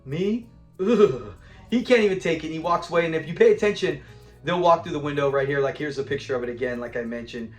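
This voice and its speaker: A middle-aged man giving casual commentary on a sitcom episode, animated, laughing often and acting out quotes. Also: on the high side, fast, faint music behind. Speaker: TV episode reviewer.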